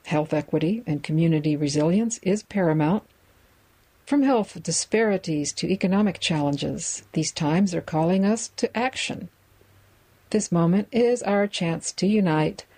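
A woman reading a magazine aloud in a measured way, describing its photos with the odd aside. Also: lowish voice, a little mellow, low-quality recording. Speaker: reader of a magazine for listeners.

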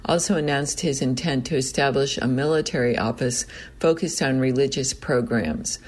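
Man reading a news report. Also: medium pitch. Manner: steady, measured read with a self-correction. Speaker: news reader.

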